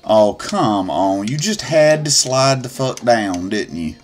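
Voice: mid-range voice, sing-song, slow pace, a little mellow, slight background noise. A let's player giving gameplay commentary, swearing and grumbling at the game as they go. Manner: profane, grumbling running commentary. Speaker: let's play gamer.

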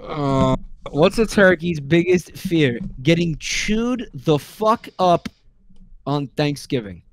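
A man on a stream reading out a list of jokes in a weary, deadpan way, sounding exasperated. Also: on the high side, takes it slowly. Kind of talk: casual stream chat.

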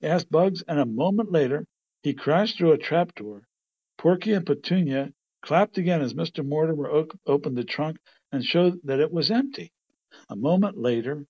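A man narrates a children's storybook in a steady, plain manner. His voice is a touch high and husky, on a slightly dull, lo-fi recording. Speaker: storybook reader. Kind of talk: reading a children's storybook aloud.

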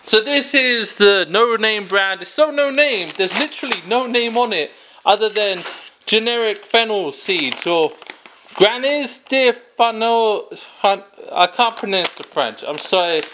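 A man with a high, bright voice hosts a comic review vlog. He rambles with goofy asides and constant self-corrections, his pitch swooping widely as he talks. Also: lively intonation, measured pace, a little hiss or hum. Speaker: vlog host reviewing products.

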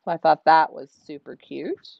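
A woman's voice: deep voice, moderate pace, gravelly, dry recording, highs cut off. A woman from Canada hosting a livestream, chatting and reading out viewer comments. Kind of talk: casual livestream chat.

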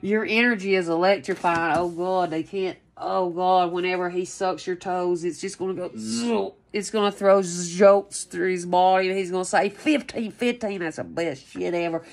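A woman doing a casual tarot reading, rambling and excitable, repeating phrases and swearing freely. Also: fairly low pitch, normal speed, few pauses. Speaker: tarot reader.

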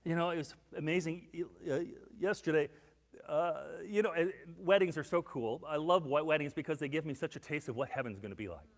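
A man preaching a sermon as pastor, telling stories with acted-out quotes and swinging between hushed and loud. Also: a little high, brisk, long reverb tail. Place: church sanctuary.

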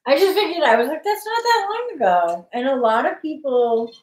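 A woman's voice: sits high, animated, normal speed, echoey room, a little hiss or hum. A woman co-hosting a live stream, teasing her co-host and greeting viewers in a joking way. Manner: teasing, jokey.

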